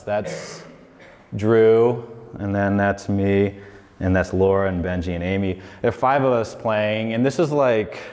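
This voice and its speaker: A man's voice: fairly low pitch, darkish tone. A man in his forties telling his story in a casual, rambling lecture, with lots of "like" and "you know". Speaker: designer giving a lecture. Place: lecture hall. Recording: long hall reverb.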